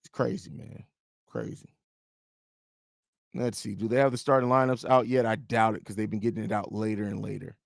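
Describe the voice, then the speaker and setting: A man's voice: lowish voice, little pitch movement, fast, gravelly, few pauses, dry recording. Joking man host, dry close sound. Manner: loose, joking, storytelling with swearing. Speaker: podcast host. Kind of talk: casual live-stream chat.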